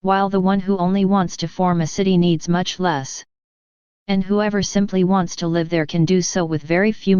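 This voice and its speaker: Brief: woman reading Jesus, gentle and earnest, in a solemn devotional reading; smooth, lower voice, lo-fi sound. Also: no room sound, natural voice.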